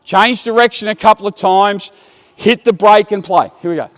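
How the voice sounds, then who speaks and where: A man running a basketball coaching clinic, giving brisk commands to players and explaining drills to the watching coaches. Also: high voice. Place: indoor basketball court.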